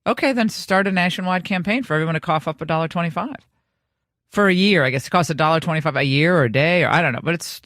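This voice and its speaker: A woman's voice: deep voice, fast, fairly bright tone, dry recording, studio quality. A middle-aged woman hosting a radio talk show, telling a story in a chatty way with many restarts. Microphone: studio microphone.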